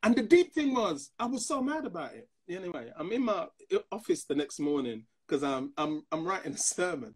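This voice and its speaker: A man's voice: fairly high pitch, normal speed, hardly any pauses, breathy edge. A man in his fifties, a pastor, telling personal stories in a casual discussion and acting out the other people in them. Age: 50s. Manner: animated storyteller who acts out other people's voices.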